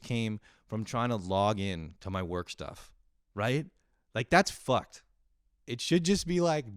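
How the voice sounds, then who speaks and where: A young man with a low, smooth voice talks through a loose, profane podcast monologue. He rambles, pokes fun at himself and laughs often. The sound is close and dry. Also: lively intonation, moderate pace, no room sound. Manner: rambling, profane, self-deprecating, with frequent laughs. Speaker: podcast host. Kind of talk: casual solo podcast monologue.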